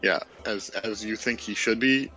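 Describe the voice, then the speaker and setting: A man's voice: lowish voice, a little slow, music in the background, poor audio. A man narrating a tabletop game casually, rambling with many fillers.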